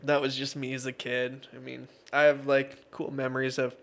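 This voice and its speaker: With a completely flat delivery, vocal fry and a slightly bright medium-pitched voice, this thirty-something MMA referee and judge talks at a moderate pace. He's an interview guest telling laughing, filler-laden stories.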